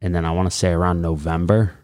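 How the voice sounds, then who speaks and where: A man in his late twenties with a deep voice, a fighter telling his story as a podcast guest in a rambling, casual way. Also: flat delivery, quick pace, darkish tone, dry recording, studio quality. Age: late 20s. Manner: rambling, many fillers and acted-out quotes. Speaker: guest, mixed martial arts fighter.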